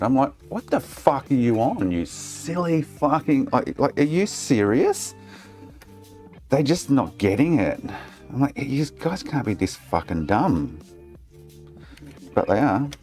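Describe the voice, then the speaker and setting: A man's voice: deep voice, a little mellow. A man with an Australian accent streaming console repairs, chatting casually and ranting in frustration, swearing a lot. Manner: exasperated ranting, heavy swearing. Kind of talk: casual livestream chat while working.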